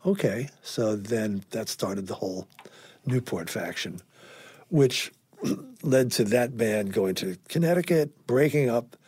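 An older man, a guest musician, telling anecdotes in an animated way, acting out dialogue and swearing casually. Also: fairly low pitch, takes it slowly, slightly rough, no room sound. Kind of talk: anecdotal storytelling.

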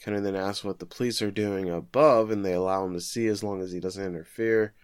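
A man's voice: deep voice, fairly even intonation, brisk, smooth, no room sound, clean studio sound. A man co-hosting a casual podcast, recapping an episode with joking, sarcastic asides. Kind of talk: casual chat.

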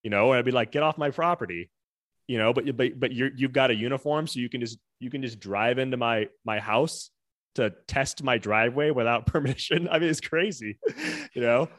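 Male podcast guest, mid-pitched, rambling conversational delivery full of restarts. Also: brisk, fairly bright tone, no room sound. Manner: rambling, many restarts and "you know"s. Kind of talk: casual chat.

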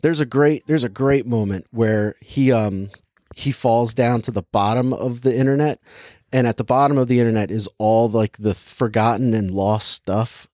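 A man's voice: medium pitch, fairly even intonation, normal speed, darkish tone, no echo, studio quality. A young man casually chatting and reviewing a movie, rambling with lots of filler words and laughing easily. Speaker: podcast co-host reviewing a movie. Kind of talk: casual chat.

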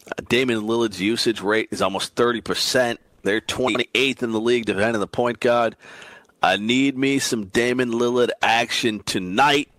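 A man talking through his daily fantasy basketball picks in an excitable, emphatic way. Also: dry recording. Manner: excitable, emphatic, frequent pitch jumps. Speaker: fantasy sports analyst.

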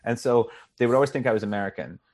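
A man's voice: mid-range voice, very fast. Canadian man with an English tinge. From born in England, raised in Canada. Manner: animated storyteller, swears freely. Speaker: guest comedian. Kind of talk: casual podcast chat.

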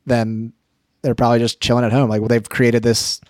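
A man's voice: medium pitch, little pitch movement, brisk, darkish tone, no echo, studio quality. A man co-hosting a podcast in casual chat, adding wry joking asides. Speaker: podcast co-host.

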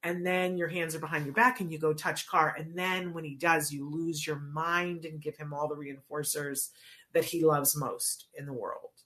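A woman's voice: sits low, little pitch movement, normal speed, a bit bright. A woman coaching parents on teaching a child words, explaining casually and often checking in with "right?". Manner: conversational, checks in with frequent "right?". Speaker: child language therapy coach.

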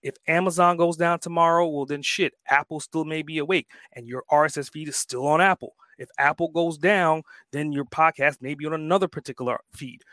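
A man's voice: on the high side, steady tone, fairly quick, few pauses, bright, forceful tone, no echo. A man speaking as a podcast guest, emphatic and fired up, swearing freely in casual conversation.

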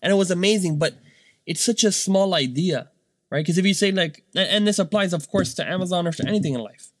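A man's voice: high voice, brisk, no room sound, clean studio sound. A man in his thirties, a business owner and dad, talking casually and full of fillers and rhetorical "right?" checks. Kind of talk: casual monologue.

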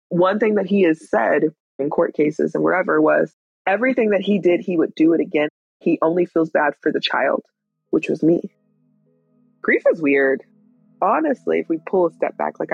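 A woman's voice: sits low, creaky, breathy edge, dry recording, dull audio. A woman in her thirties telling her own story in a frank, candid way, blunt and swearing at times. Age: 30s. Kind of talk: personal storytelling.

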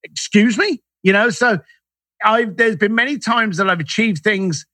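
A man's voice: high voice, moderate pace, sharp tone, no room sound. A man, a guest in an interview, telling stories animatedly and acting out the dialogue he quotes. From Irish, raised in East London. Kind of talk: storytelling interview talk.

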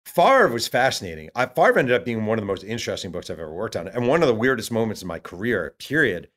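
A man with a fairly low voice talks as a guest author. He tells his stories with energy and acts out the quotes of other people, with plenty of ums and uhs. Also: very animated, quick pace, fairly bright tone. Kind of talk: animated storytelling.

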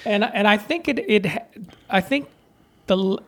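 A man co-hosting a casual podcast chat, agreeable and halting, often restarting his sentences. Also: high voice. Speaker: celebrity blogger and podcast co-host.

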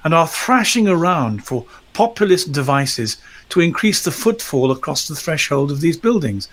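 A man's voice: on the high side, big pitch swings, moderate pace, fairly bright tone. A middle-aged man, a lecturer, telling stories in a discussion in an articulate, wry way. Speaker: discussion guest, lecturer in psychology of religion. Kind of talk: storytelling in discussion.

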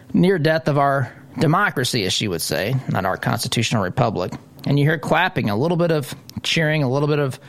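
A male talk radio host runs a political monologue with sarcastic indignation. His voice sits at an everyday middle pitch.

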